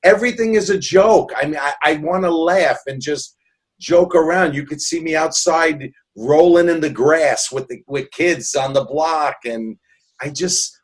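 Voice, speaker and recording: Guy in his 60s from nyc, rambly and jokey, voice sits a bit high. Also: a little slow. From New York City. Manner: earnest, jokey, rambling with restarts. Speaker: guest. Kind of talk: casual interview storytelling.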